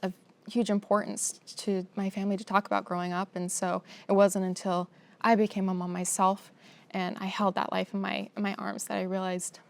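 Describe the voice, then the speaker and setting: A young woman telling her own story as a guest, emotional and halting, with many pauses and fillers. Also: mid-range voice, little pitch movement, creaky, darkish tone. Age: young adult. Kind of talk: personal testimony in a sit-down conversation.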